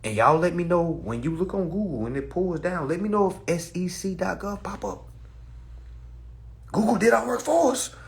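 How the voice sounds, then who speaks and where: A man hosting a casual livestream on his phone, talking in a preachy, animated way, cursing freely and laughing at his own points. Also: high voice, fairly quick, few pauses. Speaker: livestream host.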